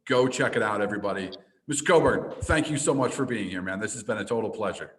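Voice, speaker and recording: A man's voice: lowish voice, quick pace, echoey room. A man hosting a podcast, upbeat and friendly as he wraps up an interview. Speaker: podcast host. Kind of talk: casual interview chat.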